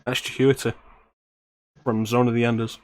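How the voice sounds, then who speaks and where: A man's voice: mid-range voice, level tone, moderate pace. A man co-hosting a casual streamed chat, wry and joking as he plans a script reading. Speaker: podcast co-host.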